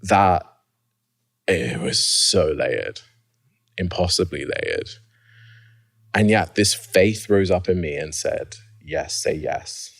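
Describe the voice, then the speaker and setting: A man telling his personal story as an interview guest, reflective and quick to laugh. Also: gravelly. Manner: reflective, laughs often, rises high when excited.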